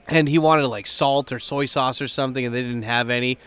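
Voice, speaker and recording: A man's voice: medium pitch, fairly even intonation, moderate pace, fairly bright tone, a little hiss or hum. A man vlogging in a loose, rambling way, swearing freely and leaning on fillers. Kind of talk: casual chat to camera.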